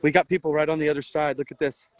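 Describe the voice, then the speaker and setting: A man's voice: fairly high pitch, flat delivery, rapid-fire, poor audio. An exhausted man livestreaming outdoors by a river, talking in an urgent, earnest, rambling way with restarts. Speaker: livestream host, veteran volunteer. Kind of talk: emotional outdoor livestream commentary. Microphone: phone livestream.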